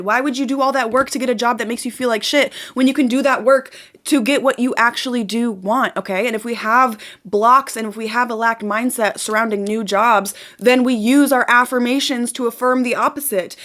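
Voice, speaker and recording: A woman's voice: a little high, a bit bright. A young woman giving a blunt, emphatic motivational talk, swearing freely and mocking doubters. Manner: mocks doubters in put-on quoted voices. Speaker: manifestation coach. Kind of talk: motivational monologue to camera.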